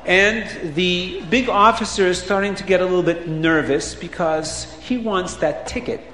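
A man's voice: high voice, measured pace. A man telling a children's story, acting out the characters' voices with lots of expression. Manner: animated, acts out characters' voices. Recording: echoey hall with faint ambience.

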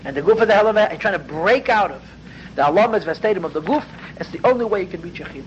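High-voiced man teaching, lo-fi recording. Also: animated, fast talker. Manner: earnest, explanatory, dense with Hebrew and Yiddish terms; grows intense and raised toward the end. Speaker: teacher of a Hasidic text class. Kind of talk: spoken study lecture. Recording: dull lo-fi with faint background noise.

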